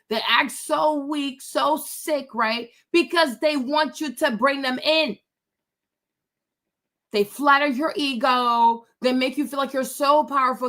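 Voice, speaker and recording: A woman's voice: high-pitched, a bit bright. A woman hosting her own show, ranting in a casual commentary style, emphatic and repetitive, checking in with viewers often. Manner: emphatic, repetitive, keeps asking "right?"; addresses viewers by name. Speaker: host.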